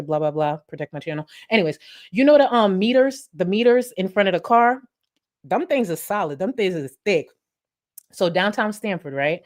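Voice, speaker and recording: A young woman hosting a commentary channel, telling a profane, animated story in casual chat that swings between loud and hushed. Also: lowish voice.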